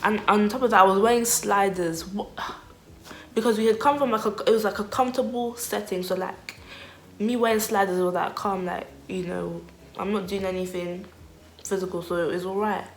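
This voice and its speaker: A young woman telling a storytime vlog in animated, slangy style, laughing often. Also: mid-range voice, moderate pace, roomy sound, slight background noise. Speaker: vlogger.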